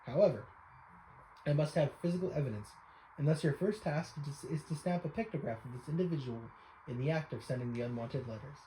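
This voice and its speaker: A man reads as an eccentric old photography devotee from a game, speaking in stiff, courtly phrases and calling his listener young sir. The voice stays mellow and dark. A faint hiss lies behind it. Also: fairly high pitch, brisk, roomy sound, close to an everyday voice, low-quality recording. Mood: earnest. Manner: old-fashioned formal speech, addresses listener as young sir. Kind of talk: reading game dialogue aloud.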